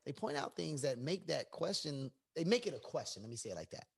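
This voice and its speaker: A Chicago man in casual podcast chat, his pitch swinging widely as he argues. He is blunt and profane, and he climbs close to a shout when he gets worked up. He sounds like a regular co-host laying out his view to friends. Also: fairly quick, creaky, breathy edge. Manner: animated, profane, rising to near-shouts when riled up.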